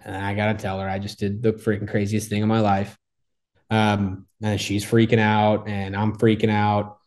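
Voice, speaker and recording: In a casual interview, a man with a fairly low voice excitedly recounts his hole in one at a normal pace. He rambles, says "like" a lot and keeps restarting.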